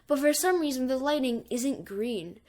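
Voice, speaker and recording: A woman's voice: sits high, animated, normal speed, darkish tone. A woman improvising a fan story as a rambling retelling, full of fillers and restarts.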